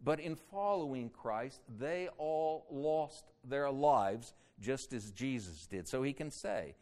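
A man preaching a sermon that explains a Bible passage verse by verse, rising loud on quoted cries and dropping low and slow on solemn points. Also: lively intonation. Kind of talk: expository sermon.

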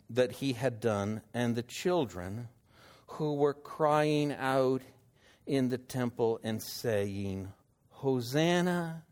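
A man preaching a sermon and reading scripture, unhurried, asking his listeners rhetorical questions. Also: medium pitch, a little mellow. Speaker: pastor.

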